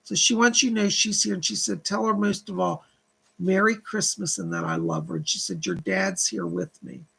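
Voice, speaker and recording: A man's voice: high-pitched, sing-song, moderate pace, creaky, pushed and bright, slightly rough. A man hosting a live psychic reading stream, reading viewer donations and relaying spirit messages in long chains of "she said". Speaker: psychic medium host.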